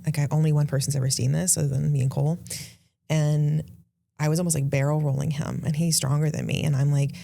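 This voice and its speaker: A woman in her thirties hosting a podcast, telling an emotional personal story with rushes and halting restarts. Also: low voice, level tone, creaky, warm tone. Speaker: podcast host. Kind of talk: casual conversation.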